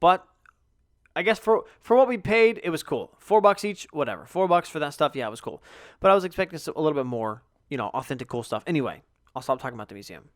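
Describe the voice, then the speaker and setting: A man's voice: on the high side, lively intonation, quick pace, no echo, studio quality. A young man hosting a podcast, telling a rambling, profanity-heavy story in a casual way. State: yawning, tired. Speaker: podcast host.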